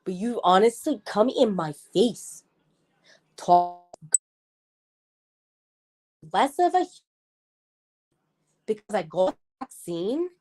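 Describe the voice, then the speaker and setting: A woman's voice: medium pitch, very animated, slow pace, pauses often, darkish tone. A woman in her thirties hosting a casual livestream, chatting with viewers and getting heated as she rants. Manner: chatty, gets heated and ranty. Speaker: livestream host. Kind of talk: casual live chat with viewers.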